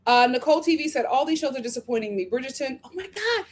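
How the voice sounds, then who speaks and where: A high-pitched woman hosting a relaxed live stream, reading out viewer comments and reacting to them. She talks in an animated, chatty way and plays up her opinions with exaggeration for fun. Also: rapid-fire, a little hiss or hum. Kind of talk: casual live-stream chat.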